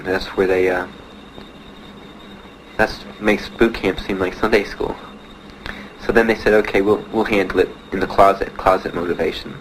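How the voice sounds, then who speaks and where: A young man, a veteran, telling his own story in plain, halting speech with many pauses. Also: on the low side, slight background noise, low-quality recording. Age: young adult. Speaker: Vietnam veteran giving testimony. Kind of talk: personal testimony.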